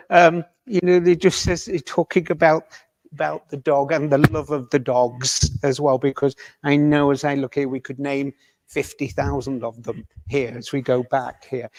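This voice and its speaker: A man with a fairly high voice gives a mediumship demonstration to an audience in a village hall. He speaks gently and tentatively, pausing to check with the listener. The sound is close and dry, with no room echo.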